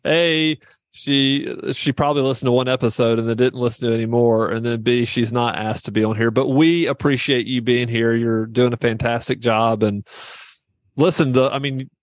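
A man's voice: medium pitch, steady tone, normal speed, no echo. A man hosting a podcast, chatting casually and teasing his guest in a jokey way. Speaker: podcast host.

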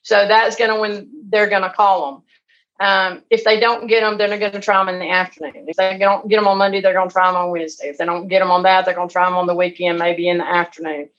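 A woman, a guest on a business podcast, talking in a chatty, animated way and acting out phone calls. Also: medium pitch, quick pace, dull audio. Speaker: real estate investor guest. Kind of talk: conversational interview.

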